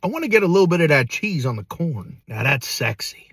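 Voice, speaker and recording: A man's voice: fairly high pitch, big pitch swings, quick pace, dry recording. A man from New Jersey reviewing food in a casual vlog, hyped and slangy.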